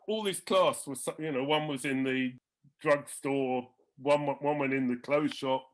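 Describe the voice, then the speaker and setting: Animated man telling anecdotes. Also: fairly high pitch. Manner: animated, acts out quoted voices. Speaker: guest storyteller. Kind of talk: anecdotal conversation.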